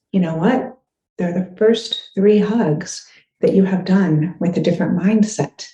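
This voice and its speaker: A woman's voice: on the low side, a little slow, mellow, roomy sound, dull audio, slight background noise. A woman parenting coach giving encouraging advice straight to the listener. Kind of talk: direct-to-camera advice talk.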